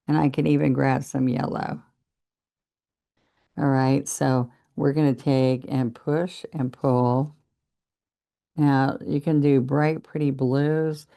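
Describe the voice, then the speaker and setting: A woman's voice: deep voice, gravelly, mellow. An older woman teaching a painting lesson, chatting encouragingly as she demonstrates each stroke. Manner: chatty, encouraging, talks while working. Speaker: painting instructor.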